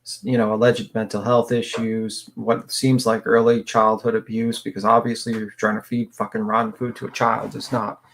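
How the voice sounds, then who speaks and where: A man's voice: on the low side, little pitch movement, moderate pace, hardly any pauses, fairly bright tone. A man co-hosting a casual true-crime chat, talking in a rambling way with many fillers. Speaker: co-host.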